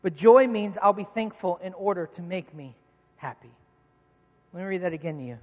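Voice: medium pitch, expressive, moderate pace, in a large hall. A pastor preaching a sermon, asking rhetorical questions and answering them, repeating key lines for emphasis.

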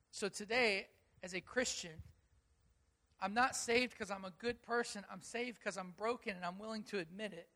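A man with a notably high voice delivers a sermon as a pastor. He tells stories animatedly, acting out the dialogue, then turns to earnest, direct appeals to his listeners. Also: sharp tone.

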